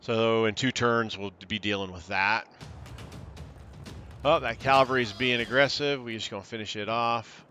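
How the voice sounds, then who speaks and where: Guy doing a chill let's play, thinks out loud, kinda sharp bright voice. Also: fairly low pitch, normal speed, faint music behind. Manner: thinks aloud while reading in-game text. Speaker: gaming channel host. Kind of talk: casual let's-play commentary.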